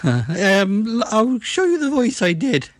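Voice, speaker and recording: A man's voice: high-pitched, sing-song, no echo. A man doing a dithering theatrical actor. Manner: halting, full of ums, theatrical. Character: flamboyant, hesitant male voice actor. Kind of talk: comedy character monologue.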